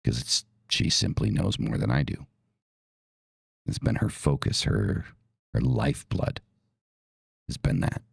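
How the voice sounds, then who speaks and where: Very deep, gravelly-voiced man. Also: a little slow, pauses often, no room sound. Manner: blunt and profane, emphatic. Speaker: podcast host. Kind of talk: casual talk.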